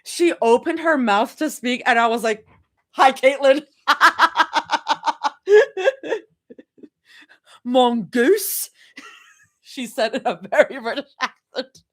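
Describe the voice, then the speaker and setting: A woman reads fanfiction on a live stream, slipping between the story text and chatty asides. She giggles often, and her voice swings widely in pitch, from low murmurs up to sudden high exclamations. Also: lively intonation, slow, pauses often, a bit bright. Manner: giggly, breaks off to react and chat. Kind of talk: live reading with chatty reactions.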